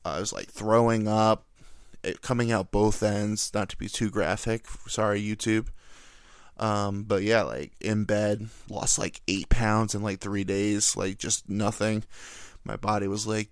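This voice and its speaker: A man's voice: lowish voice, little pitch movement, a little slow, clear, resonant tone, dry recording, clean studio sound. A young man hosting a casual solo podcast, rambling and self-deprecating as he jokes about his life. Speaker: podcast host.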